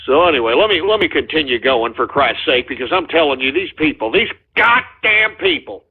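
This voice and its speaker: Exasperated, profane call-in radio host. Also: male voice, fairly high pitch, very animated, a little fast, husky, narrow, tinny audio. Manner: exasperated, profane, scolding callers. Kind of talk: ranting call-in show hosting.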